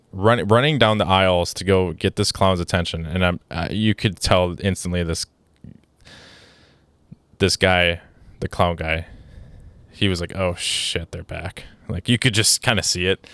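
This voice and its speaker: Deep-voiced man telling a story. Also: steady tone, measured pace, long pauses, a bit bright, clean tone, no echo. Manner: exasperated, rambling with many restarts and "like". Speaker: podcast host. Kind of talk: casual storytelling.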